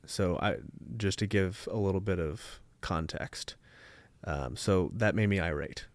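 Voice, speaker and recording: A man co-hosting a relaxed podcast chat, his low voice full of gravelly fry. He explains things in a measured, logical way, restarting phrases as he goes. The sound is dry and close to the mic. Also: dry recording. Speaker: podcast co-host. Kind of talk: casual chat. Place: home studio, seated on a couch.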